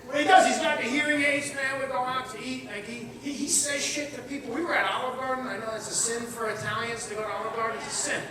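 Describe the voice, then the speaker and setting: A middle-aged man performing a brash, profane stand-up comedy set with shouted bursts. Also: very high-pitched, steady tone, quick pace, few pauses, crowd noise. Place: comedy show venue. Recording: echoey room, distant mic, audience.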